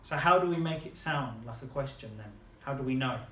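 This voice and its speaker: A man's voice: mid-range voice, fairly quick, bright, forceful tone, reverberant, a little hiss or hum. A man teaching a beginner language lesson, patiently modeling words and praising his student.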